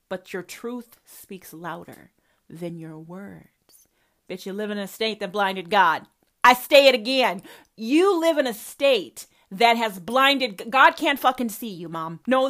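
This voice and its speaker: A woman's voice: medium pitch, fairly bright tone. A woman hosting a personal podcast, talking straight to her mother in a profane, confrontational and emphatic way. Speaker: podcast host.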